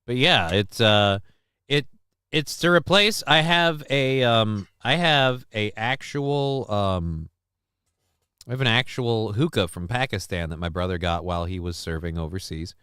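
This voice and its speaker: A worn-out man hosts a casual live stream, drifting between viewer comments and the news. His voice sits a little low and comes across smooth. The sound is dry and close. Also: measured pace, bright, forceful tone, no room sound. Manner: rambling, chats with viewers, reads news aloud. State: fuzzy, wiped out. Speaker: show host.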